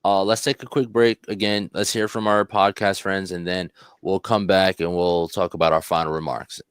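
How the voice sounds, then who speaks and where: A man hosting a podcast, talking casually about a film in a rambling, profane, animated way. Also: low voice, normal speed, smooth, no room sound, studio quality. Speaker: podcast host.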